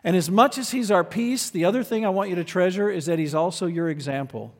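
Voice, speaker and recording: A man delivers a sermon with earnest conviction, dropping to quiet asides and then rising to loud, emphatic lines. His voice sits a little high for a man. A long reverb from a large hall trails behind every phrase. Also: a little fast. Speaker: preacher.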